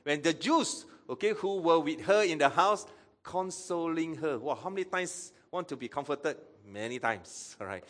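A man's voice: on the high side, animated, moderate pace, a bit bright. A man preaching a sermon as pastor, acting out Bible quotes and asking the audience questions.

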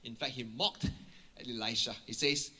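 A man preaching a sermon, retelling a Bible story in an animated way and often checking in with his listeners. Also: mid-range voice, moderate pace.

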